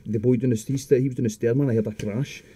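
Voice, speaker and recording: Scottish guy, young adult, rapid rambling storyteller, very dark voice, swears a lot. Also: medium pitch, fairly even intonation, slightly rough. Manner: rambling, heavy swearing, frequent restarts. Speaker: podcast guest. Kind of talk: casual chat.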